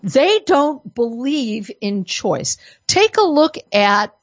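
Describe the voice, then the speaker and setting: Slow, sarcastic woman commentator. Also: a little high, sing-song, dry recording, dull audio. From Colorado, USA. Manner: sarcastic, mock-innocent asides. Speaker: political commentator. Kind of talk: opinion monologue.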